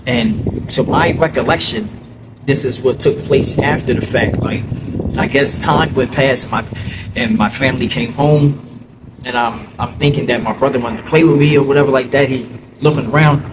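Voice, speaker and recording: A man from New Jersey telling a story from his childhood in a halting, casual way, full of fillers and "you know what I'm saying.". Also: medium pitch, fairly even intonation. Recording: loud vehicle noise behind.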